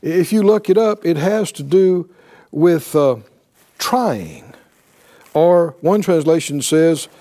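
A man's voice: a little high, slow. A man preaching a sermon, often asking "right?" and acting out voices of believers speaking faith. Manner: animated, calls for responses with "right?".

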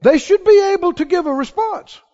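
In a church sanctuary, a man delivers a sermon as pastor, his folksy, emphatic preaching rising to exhortation. He speaks at a moderate pace in a very high-pitched, mellow voice, captured in a dull, reverberant hall recording.

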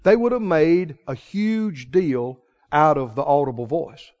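A man preaching a passionate sermon, pressing his listeners with rhetorical questions and swinging from hushed tones to loud ones. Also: fairly high pitch, a little slow. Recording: reverberant hall, muffled sound.

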